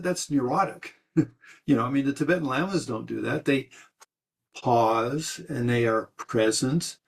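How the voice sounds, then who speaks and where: Male meditation teacher, mid-pitched, rambling, patient dharma talk. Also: gravelly. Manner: rambling, many restarts and fillers. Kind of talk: dharma talk answering questions.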